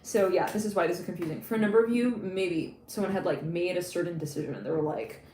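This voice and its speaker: A woman giving a live tarot reading in a chatty, excitable way, laughing often and acting out little quoted lines. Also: fairly low pitch, fast talker, roomy sound, slight background noise. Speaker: tarot reader.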